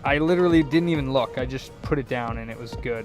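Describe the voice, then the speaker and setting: A man's voice: medium pitch, fast talker, over music. An American man streaming an electronics repair, chatting casually and rambling, with lots of "like" fillers. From United States. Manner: rambling, heavy use of "like" fillers. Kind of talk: casual live-stream chat while soldering.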